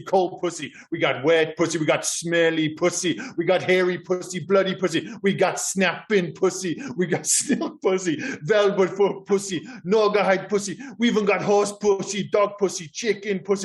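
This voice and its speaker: A man voicing a loud, sleazy male strip-club barker with a Mexican accent, shouting bawdy sales patter at passing customers. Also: sits high, close to an everyday voice.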